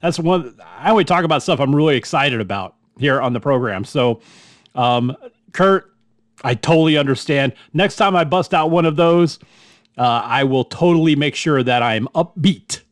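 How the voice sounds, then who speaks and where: A man's voice: fairly high pitch, normal speed, no echo, clean studio sound. A man hosting a hobby podcast, chatting through listener email in a rambling way with many fillers and restarts. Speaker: podcast host. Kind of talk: casual chat answering listener email.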